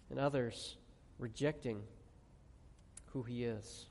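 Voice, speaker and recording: A man's voice: mid-range voice, very animated, takes it slowly, pauses often. Emphatic preacher man, echoing hall. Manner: emphatic, asks the audience questions, drops to quiet on key words. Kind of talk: sermon. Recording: long reverb of a large hall.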